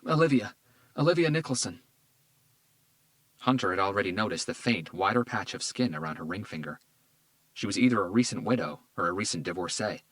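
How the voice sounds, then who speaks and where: Man, audiobook narrator, very deep voice, dry close sound, measured and grave delivery. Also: a bit bright, no echo.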